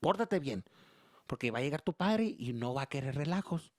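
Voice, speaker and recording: A man doing a calm, warning mother. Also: medium pitch, quick pace, no echo, clean studio sound, natural voice. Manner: soft, pleading warnings. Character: calm, warning mother speaking to her son.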